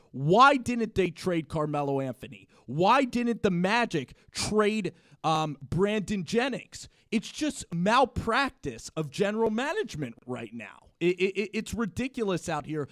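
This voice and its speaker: An excitable man co-hosts a live sports talk stream, tumbling through rants and restarting his sentences. His voice sits a little high. The sound is close and dry, with no room around it. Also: dry recording. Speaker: sports talk show co-host. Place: home studio, live stream.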